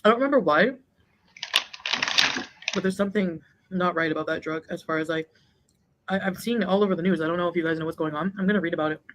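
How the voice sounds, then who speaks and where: A woman's voice: lowish voice, fast, long pauses, a little hiss or hum, rough recording. A woman chatting casually in a vlog while eating, rambling and laughing often. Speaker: vlogger.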